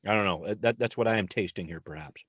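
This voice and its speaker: A man hosts a podcast in a relaxed, joking way, chatting with his guest. His voice sits a little low. The sound is dry and close to the mic. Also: fast, no room sound. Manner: chatty, joking, talks while eating. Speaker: podcast host. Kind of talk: casual chat.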